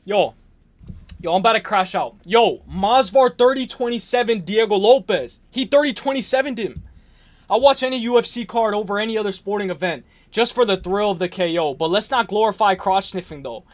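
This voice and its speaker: A man hosting a live stream, ranting and joking in an excitable, profane way while reading viewer comments. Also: high-pitched, brisk.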